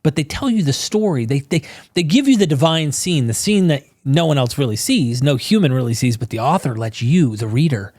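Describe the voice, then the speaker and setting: An emphatic man speaking as a guest on a podcast, explaining with fervent conviction. His voice sits a little high for a man. It is recorded dry, with no room sound. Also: lively intonation, a little fast, few pauses, a little mellow, dry recording. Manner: fervent, emphatic, acts out quoted people. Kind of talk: impassioned conversational storytelling.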